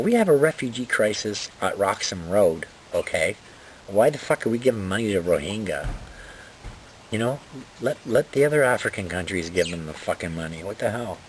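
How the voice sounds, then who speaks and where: A man's voice: low voice, a little hiss or hum. A man ranting indignantly about politics, reading items from notes and swearing often. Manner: indignant, profane, exasperated. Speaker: political vlogger.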